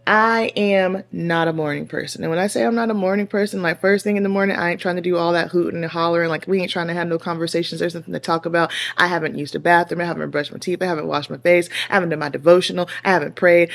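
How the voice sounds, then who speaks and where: A woman in her thirties talking casually to her viewers, telling a story in a sassy, slangy, animated way. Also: lowish voice, fast talker, hardly any pauses. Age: 30s. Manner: animated, sassy, slangy, rising to exasperated outbursts. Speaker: beauty vlogger.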